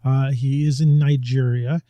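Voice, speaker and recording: A man's voice: medium pitch, flat delivery, unhurried, no echo, lo-fi sound. A middle-aged man co-hosting a podcast in casual chat, rambling and chatty and often laughing as he talks. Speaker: podcast co-host. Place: home, New York.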